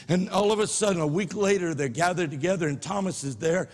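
A man preaching a sermon, impassioned, swinging from soft asides to shouts. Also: sits high, fairly quick, few pauses. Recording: long reverb of a large hall.

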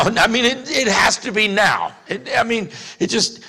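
A man with a Louisiana accent preaching a sermon as pastor, talking conversationally with many restarts and rising to shouts. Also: high voice, expressive, unhurried, breathy edge, in a large hall.

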